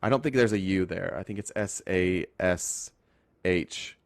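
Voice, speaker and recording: ユタ州出身の男性が、ライブ配信の視聴者コメントに応えながら、脱線や言い直しを交えて政治の話を気ままに語っている。. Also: male voice, low voice, measured pace, vocal fry, no echo, studio quality. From Utah. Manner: rambling, talks to chat, self-correcting. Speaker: livestream host. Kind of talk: casual political livestream chat.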